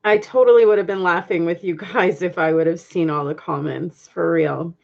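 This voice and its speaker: Chatty woman on lo-fi webcam audio, gravelly. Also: fairly low pitch, fairly even intonation, moderate pace. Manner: chatty, warm thanks to viewers, frequent laughs. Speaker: vlogger reading live chat. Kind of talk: casual live-stream chat while decorating. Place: home, indoors.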